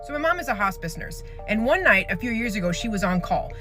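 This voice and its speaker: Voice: medium pitch, sing-song, fast. A speaker recounting a parent's eerie hospital story casually, rambling with fillers and acting out quoted dialogue. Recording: clear music bed under the voice. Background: music.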